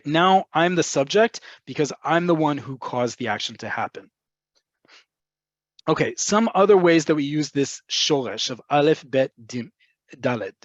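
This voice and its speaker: A man's voice: mid-range voice, no room sound. Man teaching Hebrew over webinar. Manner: patient, explanatory, checks in with "right?" and "okay?". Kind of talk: webinar vocabulary lesson. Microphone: computer mic on a video call. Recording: slightly dull lo-fi webinar audio.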